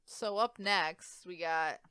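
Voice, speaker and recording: A woman's voice: fairly low pitch, slow, smooth, dry recording. A young woman co-hosting a podcast in casual chat, opinionated and running through a countdown list. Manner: animated, opinionated, runs the song list. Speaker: podcast co-host.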